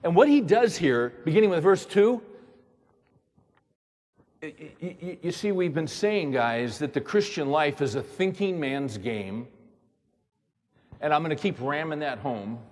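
A man's voice: fairly high pitch, animated, a little slow, long pauses, a little mellow. A man preaching as a pastor, emphatic and repetitive, pressing his listeners with rhetorical questions. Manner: emphatic, repeats words, fires rhetorical questions. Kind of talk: sermon. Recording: long reverb of a large hall.

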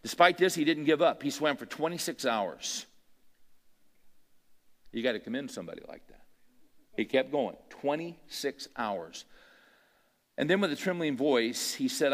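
A man's voice: medium pitch, lively intonation, unhurried, long pauses, a bit bright. Man, preacher, conversational storytelling sermon, rhetorical questions, long hall reverb.

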